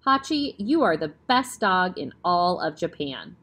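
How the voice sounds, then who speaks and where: A woman voicing a gentle fond professor. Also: fairly low pitch, big pitch swings, measured pace, exaggerated voice. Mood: tender. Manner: tender and fond toward his puppy. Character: kind gentle older male professor, dog owner.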